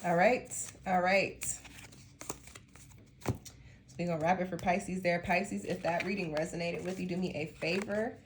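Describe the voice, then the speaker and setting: A woman with a fairly low voice talks her way through a tarot reading, rambling and casual, calling her listeners y'all. Her nose is stuffed up from allergies. A faint hum of room noise sits under her voice. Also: steady tone, a little slow, pauses often. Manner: chatty, rambling, addresses viewers as y'all. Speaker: tarot reader.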